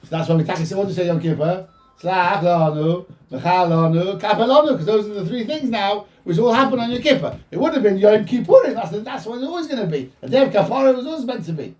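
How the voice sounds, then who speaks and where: A man giving an informal Torah class, quoting Hebrew texts and explaining them in with lively energy. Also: sits high, racing. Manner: animated, quotes Hebrew texts then explains in English. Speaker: rabbi teaching a Torah class. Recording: voice from a distance from the mic.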